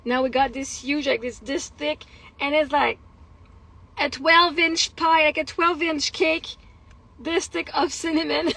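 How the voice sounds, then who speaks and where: A woman's voice: high-pitched, steady tone, slow, creaky, long pauses, sharp tone, no echo, rough recording. A woman talking in a casual personal vlog, candid and rambling, venting frustration with swearing and laughter. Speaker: vlogger.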